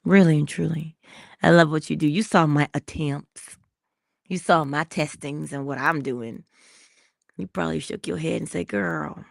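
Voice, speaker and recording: A woman hosting an inspirational livestream, talking slowly and intimately, dropping into whispers at times and greeting viewers in the chat. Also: low voice, steady tone, gravelly, dry recording, clean studio sound. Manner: slow, intimate, drops into whispers. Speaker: motivational livestream host.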